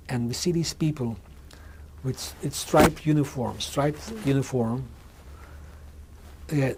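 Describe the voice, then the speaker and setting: An older man in his sixties recounts his past in a recorded interview, his voice mellow and dark-toned at a middling pitch. He speaks haltingly, circling back and restarting phrases. A faint hum sits behind him. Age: 60s. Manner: halting, with frequent restarts and repeated words. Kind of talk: oral history testimony. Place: museum interview room.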